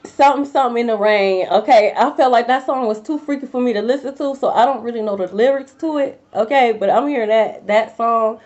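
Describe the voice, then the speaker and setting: Young woman doing a tarot reading, high pitched, talks blunt n swears a lot, kinda muffled lo-fi audio. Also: fairly quick, hardly any pauses, a little mellow. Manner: blunt, profane, slangy, talking to viewers directly. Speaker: tarot reader. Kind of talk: casual intuitive tarot reading. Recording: dull lo-fi recording.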